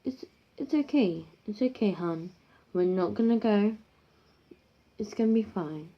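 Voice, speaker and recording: A woman's voice: medium pitch, measured pace, dull audio, natural voice. A woman doing a soothing, dismissive mum. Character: reassuring mother soothing her daughter.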